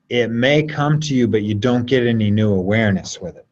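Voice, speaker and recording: A man with a somewhat low voice guides an online class through an energy exercise. He speaks in a slow, soothing, coaxing way, letting phrases trail off. The sound is dull and lo-fi, like a video call. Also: darkish tone, a little hiss or hum. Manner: slow, soothing, coaxing delivery with drawn-out pauses. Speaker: class leader.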